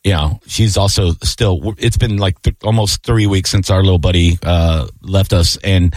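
A middle-aged man hosting a radio show in casual banter, animated, jokey and swearing freely. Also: sits low, normal speed, no echo, clean studio sound.

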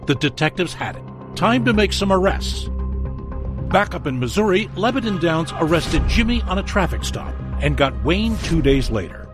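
A man's voice: a little high, very animated, normal speed. A man narrating a true-crime broadcast in a scripted, emphatic documentary style. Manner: dramatic, emphatic delivery. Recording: studio voice-over over music.

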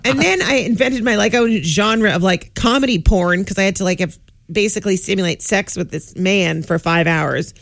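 Middle-aged actress guest, gravelly and dry, animated self-deprecating storyteller. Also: female voice, medium pitch, moderate pace, dry recording. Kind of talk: casual talk-show chat.

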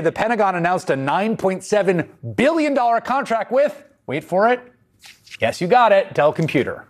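A man hosting a news show, delivering scripted political commentary in a sardonic, emphatic way. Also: high voice.

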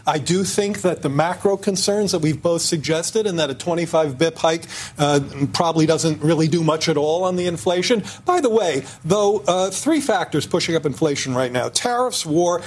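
A man speaking as an economist guest on a live TV panel, measured and halting with many fillers. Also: a little high, husky.

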